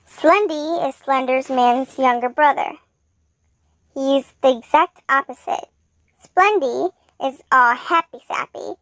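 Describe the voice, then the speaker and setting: A woman reads a fanfiction story aloud in plain narration. Her voice sits high and her pace is slow. The sound is dry and close. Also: a bit bright, no echo. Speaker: fanfiction reader.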